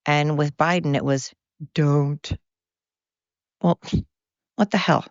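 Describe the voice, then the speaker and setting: Gravelly, tired American podcast rambler. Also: medium pitch, steady tone, moderate pace, dry recording. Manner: rambling, profane, goes off on tangents. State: tired from overwork. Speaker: podcast host. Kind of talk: casual rambling monologue. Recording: dull lo-fi dry recording.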